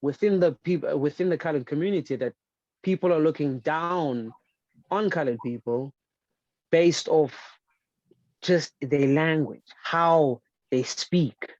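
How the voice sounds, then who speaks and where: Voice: mid-range voice, a little mellow, no echo, lo-fi sound. An earnest panelist speaks in a panel discussion, often repeating words while searching for the next thought.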